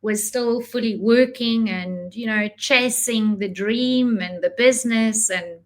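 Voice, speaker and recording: A woman's voice: a little high, takes it slowly. A South African woman in her forties with an Afrikaans first language, talking as a guest in a casual interview, reflective and laughing often. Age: 40s.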